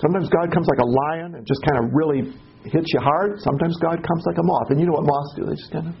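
A man leading a Bible study class in a casual teaching style, halting and repeating words and posing questions to the group. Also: a little high, steady tone, gravelly, husky, dull audio.

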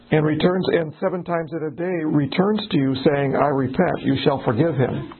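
With a somewhat high, husky voice, a male pastor talks at a moderate pace with few pauses. The sound is narrow and tinny. He leads an informal Bible study conversationally, restarting often and acting out little back-and-forths.

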